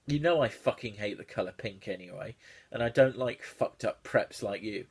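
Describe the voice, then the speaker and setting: A man's voice: on the low side, normal speed, husky. A man reading a bad fan fiction aloud with sardonic, sweary, laughing commentary. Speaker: YouTuber reviewing fan fiction. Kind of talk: comedic read-through commentary.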